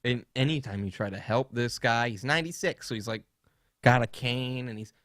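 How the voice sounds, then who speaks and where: A man's voice: medium pitch, a little fast, fairly bright tone, no room sound, studio quality. A young man co-hosting a podcast, rambling through funny stories in casual chat and laughing often. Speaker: podcast co-host.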